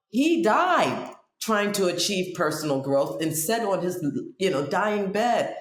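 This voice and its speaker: Animated woman host in a roomy space. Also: on the low side. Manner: animated, digressive storytelling. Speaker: podcast host. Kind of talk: casual interview chat.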